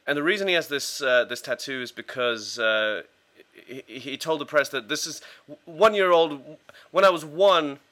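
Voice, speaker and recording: A man's voice: mid-range voice, sharp tone. A man casually telling sports stories on a podcast, rambling with fillers and restarts. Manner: rambling with many fillers and restarts, acting out quotes. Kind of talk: casual storytelling.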